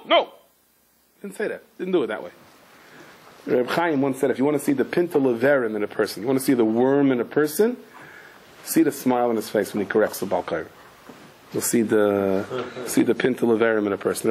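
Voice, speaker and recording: A man giving a Torah class as a sermon, telling stories animatedly, acting out voices with sudden high shouts, and mixing Hebrew and Yiddish terms into his English. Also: slightly rough.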